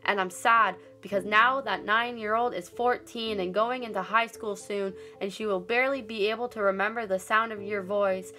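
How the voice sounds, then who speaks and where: A teenage girl speaks a spoken-word monologue in an earnest, measured way, each line weighed down by grief. Her voice sits at an ordinary middle pitch. Soft music plays faintly behind her. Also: steady tone. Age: late teens. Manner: earnest, deliberate, grief-laden delivery. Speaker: student narrator.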